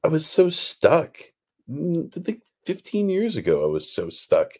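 A man's voice: on the high side, measured pace. A man in his forties hosting a podcast, telling rambling stories in a casual conversation. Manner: rambling, animated storytelling. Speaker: podcast host.

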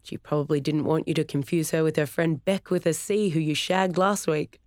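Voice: medium pitch, fairly even intonation, normal speed, darkish tone, no echo, clean studio sound, natural voice. A narrator voicing a sassy young woman, an athletic daughter, in a storybook reading.

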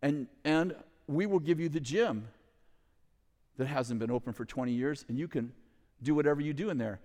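A middle-aged man telling a story to an audience in a lively way, with loud bursts, acted quotes and chuckling asides. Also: on the high side, moderate pace. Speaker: ministry leader telling a story. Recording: long hall reverb.

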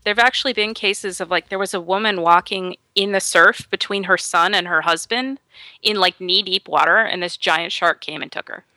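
A woman telling a story in casual chat, animated, acting out the people she quotes. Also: fairly low pitch, normal speed, no echo. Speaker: guest storyteller.

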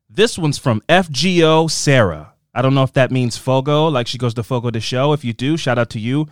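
A man hosting a podcast in casual chat, rambling and animated as he interrupts himself. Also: medium pitch, fairly quick, few pauses, no room sound, studio quality. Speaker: podcast host.

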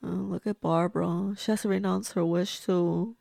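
A woman hosts a casual movie watch-along, gasping, exclaiming and talking back at the screen. Her voice has a gravelly, fry-tinged edge. The recording is dry and close, with no room sound. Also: on the low side, steady tone, normal speed, dark tone, no room sound. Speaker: movie reviewer.

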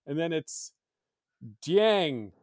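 A man in his thirties, a podcast co-host, telling a story in a lively, laughing way. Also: on the high side, very slow, no room sound. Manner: animated storytelling, laughing often. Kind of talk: casual chat.

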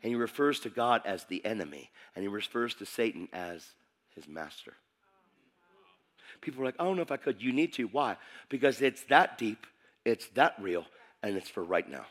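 Male preacher, middle-aged, bright forceful tone, fired-up sermon delivery. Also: fairly low pitch, normal speed. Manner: excitable, preaches with rising intensity.

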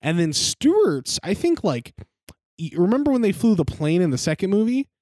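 A man's voice: high-pitched, sing-song, normal speed, a little mellow, no room sound, clean studio sound. A man co-hosting a casual film podcast, rambling and laughing as he swears freely through loose chat. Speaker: podcast co-host.

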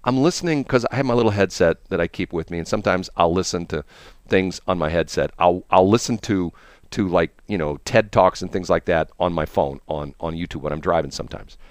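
A man's voice: sits low, brisk, dry recording. A man in casual radio chat, telling rambling, enthusiastic stories with many restarts. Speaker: radio host.

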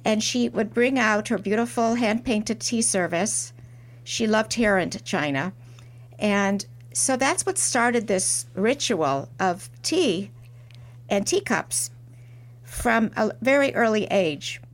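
A woman's voice: medium pitch, expressive, takes it slowly. Middle-aged woman telling reflective stories. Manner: reflective storytelling with soft restarts. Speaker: guest, porcelain artist. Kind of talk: interview conversation.

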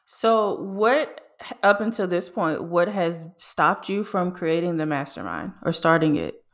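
Woman, podcast host, interviewer, measured questions, lowish pitch. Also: animated.

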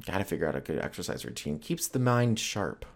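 A man's voice: low voice, big pitch swings, fairly quick. A man hosting a solo podcast, rambling casually and swearing freely between jokes. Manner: rambling, profane, joking. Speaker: podcast host.

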